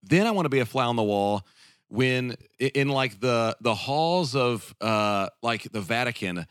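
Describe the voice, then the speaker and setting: A man's voice: mid-range voice, lively intonation, unhurried, fairly bright tone, clear, resonant tone, no echo. A man hosting a casual podcast discussion, rambling with restarts and laughing often, on a close mic. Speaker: podcast host. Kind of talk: casual chat.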